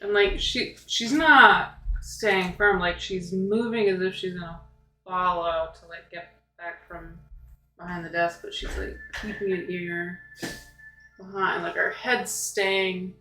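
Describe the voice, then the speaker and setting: A woman playing a tabletop game, haltingly describing her character's actions. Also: fairly low pitch, fairly even intonation, pushed and bright, reverberant, faint music behind, poor audio. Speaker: player.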